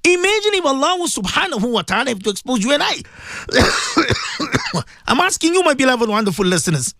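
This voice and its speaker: A man preaches over the radio in a fervent, repetitive way, firing direct questions at his listeners. His pitch swings widely as he talks. The sound is close and dry, with no room around it. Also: big pitch swings, normal speed, pushed and bright, no echo. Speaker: radio presenter giving religious advice. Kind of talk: impassioned radio sermon.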